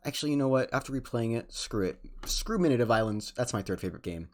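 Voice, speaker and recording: A man's voice: medium pitch, fast talker. A young man giving casual, emotional let's-play commentary, swearing and restarting his sentences. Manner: excitable and emotional, swears often, trails off and restarts. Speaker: gaming streamer.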